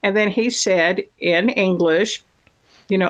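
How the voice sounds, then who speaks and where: A man's voice: sits high, a little slow, a bit bright. A man from Texas, telling rambling stories in casual chat with dry, sarcastic asides.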